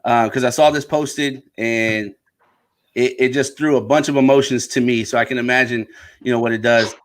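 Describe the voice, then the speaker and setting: A man's voice: mid-range voice, fairly even intonation, normal speed. A man hosting a podcast discussion, thoughtful and earnest, often checking in with "right?". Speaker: podcast host.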